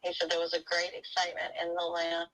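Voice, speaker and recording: A woman talks in a casual, animated way, running through a long story and acting out what people said. Her voice sits fairly low, with a gravelly edge and a bright, forward tone. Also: quick pace, low-quality recording. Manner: animated storytelling, acts out quotes. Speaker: interviewee. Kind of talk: casual recorded conversation.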